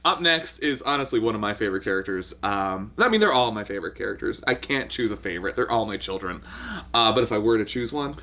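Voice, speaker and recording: A man hosting a casual commentary chat, talking in an animated way and laughing often. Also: fairly low pitch, fast talker, a little hiss or hum. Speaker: host.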